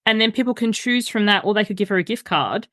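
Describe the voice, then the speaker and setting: A middle-aged woman, a coach who is a guest on a podcast, chatting casually and telling lively stories, acting out quoted voices along the way. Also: mid-range voice, quick pace, no room sound, clean studio sound. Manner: animated storyteller, acts out quoted voices.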